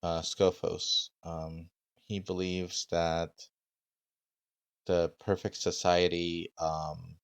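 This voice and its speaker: A man with a very deep voice runs a tabletop game on his stream. He speaks slowly and haltingly, filling pauses with ums and uhs, on a dry, close mic. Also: level tone, vocal fry, clean tone, dry recording. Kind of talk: casual game mastering on stream.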